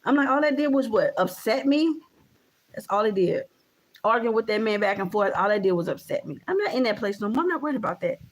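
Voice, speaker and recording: A woman's voice: mid-range voice, lively intonation, fast. A woman in her thirties ranting casually to camera as a vlogger, emphatic and repetitive, with frequent swearing. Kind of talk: casual vlog rant.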